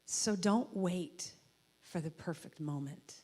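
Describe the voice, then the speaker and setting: Taking it slowly in a lowish voice, a woman guest speaker and musician gives a sermon in a church sanctuary, warmly telling stories and acting out their voices.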